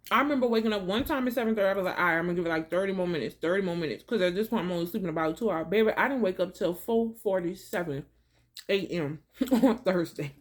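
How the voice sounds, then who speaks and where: A woman vlogger chatting casually to camera, telling a travel story in slangy talk and calling viewers baby and y'all while she eats. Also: mid-range voice. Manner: eating while talking.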